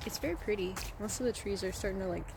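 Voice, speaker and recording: A woman's voice: mid-range voice, fast, creaky, background noise. A woman chatting casually in a vlog, rambling and self-deprecating, often a bit out of breath. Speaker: vlogger. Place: at home crafting, later outdoors on a walk.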